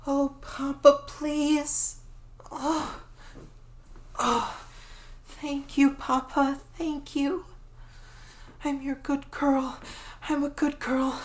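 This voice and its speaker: A young woman voicing a devoted, eager dog-girl pet in a whispered role-play, breathy and pleading. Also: sits high, level tone, drawn-out words, long pauses. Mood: eager, doting. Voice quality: breathy, soft and hushed. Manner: pleading, affectionate and clingy. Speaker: voice actor.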